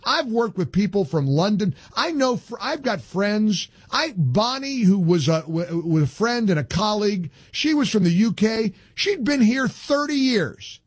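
Male talk radio host, emphatic, repeats himself, husky timbre, close and dry. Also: sits high, sing-song, unhurried, few pauses, dry recording.

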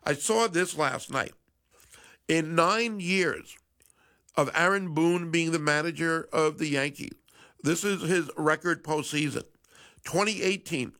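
A middle-aged man talks sports on the radio in a relaxed, wry monologue. His voice sits a little high and carries a gravelly rasp. He often stops to correct himself and then carries on. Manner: chatty, self-correcting, wry. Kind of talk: casual sports talk monologue.

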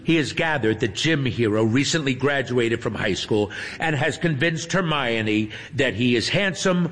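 A man narrating a story in an unhurried, dry and wry manner. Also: medium pitch, lively intonation, fairly bright tone. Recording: faint hum with long reverb.

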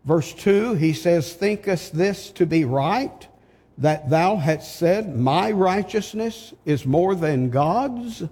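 A man's voice: sits high, lively intonation, takes it slowly, darkish tone, slightly rough. An older man preaching an expository sermon, reading scripture aloud and pressing his points with emphatic rhetorical questions. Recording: long reverb of a large hall.

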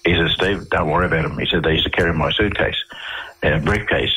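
A man's voice: extremely low pitch, quick pace, bright, forceful tone, husky, rough recording. A middle-aged Australian man, a radio interview guest, telling stories in a rambling way full of restarts and fillers.

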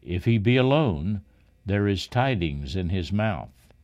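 A man voicing a grieving aged king in a scripture reading, lamenting in a slow, plaintive way. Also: sits low, animated, a little mellow, lo-fi sound. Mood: stately.

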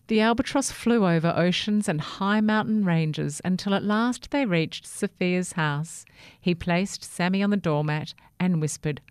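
A woman reading a children's story aloud, gentle and expressive. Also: fairly low pitch, unhurried, clear, resonant tone, no echo, clean studio sound.

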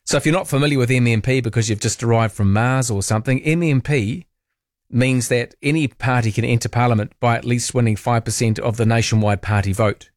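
A man's voice: medium pitch, a little fast, dry recording, clean studio sound. Chatty New talkback radio man. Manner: chatty, opinionated, muses aloud with playful asides.

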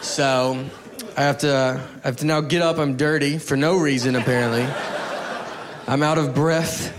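A man's voice: mid-range voice, fairly even intonation, moderate pace, noisy background. A man performing a stand-up comedy set, telling self-mocking stories in a laid-back way. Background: audience laughter.

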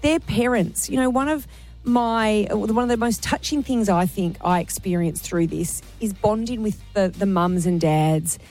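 A woman's voice: mid-range voice, a little slow, a little mellow, soft background music. An Australian woman hosting a radio show, talking earnestly and emotionally in run-on bursts. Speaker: radio host. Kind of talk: breakfast radio chat.

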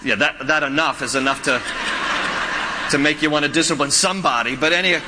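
A man's voice: fairly high pitch, brisk, noisy background. Emphatic male pastor in a reverberant hall. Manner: emphatic, repeats key lines for emphasis; humorous storytelling asides with laughter. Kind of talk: sermon. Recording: long reverb of a large hall.

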